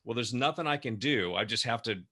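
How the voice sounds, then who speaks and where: Man, bright tone, mid pitch, lively anecdote, acts out quoted lines. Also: fairly quick. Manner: lively storyteller who acts out quoted dialogue. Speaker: co-host. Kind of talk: telling a personal anecdote in an interview.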